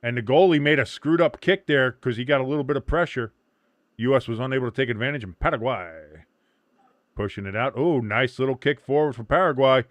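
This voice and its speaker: A man calls a live match for his stream, joking and swearing freely between plays. His voice sits at an ordinary middle pitch. The sound is dry and close, with little room around it. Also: a little fast, dry recording. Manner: loose, joking and profane. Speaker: watch-along host. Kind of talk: casual live game commentary.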